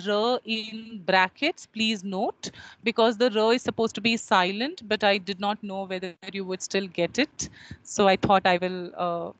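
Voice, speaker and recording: A woman's voice: mid-range voice, fairly bright tone, dry recording, poor audio. Indian English woman lecturing online. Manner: explanatory, with frequent checking questions.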